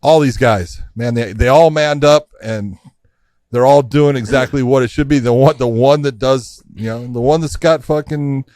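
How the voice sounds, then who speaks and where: A man's voice: mid-range voice, moderate pace, a little mellow, no room sound. A man co-hosting a casual podcast, blunt and emphatic, swearing casually. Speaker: co-host.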